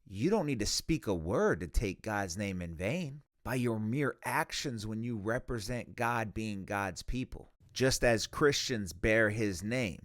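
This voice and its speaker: A man's voice: fairly low pitch, animated, a little slow, hardly any pauses. A man hosting a Christian reaction video, arguing emphatically and reading scripture aloud. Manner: emphatic, argumentative, quoting scripture. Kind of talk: reaction commentary and Bible teaching.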